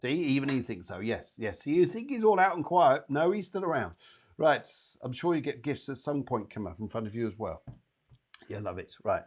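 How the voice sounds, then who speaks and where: Guy doing live psychic readings, upbeat, chats to viewers by name, mid pitch. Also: sing-song, normal speed, husky. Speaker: psychic medium and show host.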